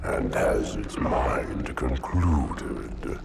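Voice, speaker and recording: An ancient, monstrous hive mind from a video game, intoning slow rhymes. The voice is cavernously deep and heavily gravelly, dragged out at a crawl. Loud game effects roar behind it. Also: male voice, lively intonation, heavy background noise, heavily acted. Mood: ominous. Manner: slow, solemn rhyming verse. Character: vast monstrous male parasite hive mind. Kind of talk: video game cutscene acting.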